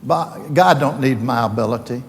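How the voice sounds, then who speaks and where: A man's voice: mid-range voice, moderate pace, in a large hall, slight background noise. An older man with a Southern US accent, giving a homespun, joking faith talk full of stories as he addresses a team. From Alabama, US.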